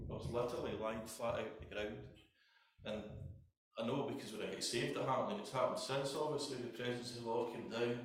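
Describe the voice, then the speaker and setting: Scottish man, middle-aged, emotional church testimony, heavy hall echo, mic set back. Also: medium pitch. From Scotland. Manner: emotional storytelling, voice breaking into tears at times. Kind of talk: personal testimony. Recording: echoey hall, distant mic.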